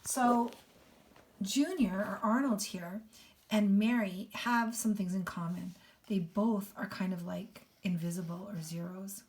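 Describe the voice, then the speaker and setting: A female English teacher who reads a novel aloud to her class and pauses to explain what the passages mean. She reads at a middling pitch and explains in an unhurried, clear way. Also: fairly even intonation, darkish tone. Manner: explanatory, with asides. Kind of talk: read-aloud with commentary.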